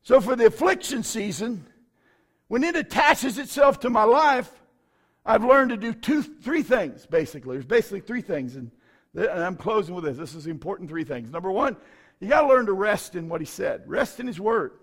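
A man's voice: sits high, sing-song, normal speed. A middle-aged man, a pastor, preaching a sermon with folksy stories and bursts of fervor.

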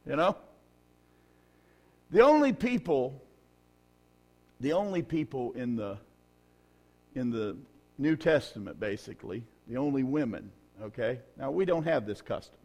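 A man preaching a sermon, telling humorous, folksy stories and rising to loud, emphatic peaks. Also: mid-range voice, sing-song, a little slow, long pauses. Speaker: pastor.

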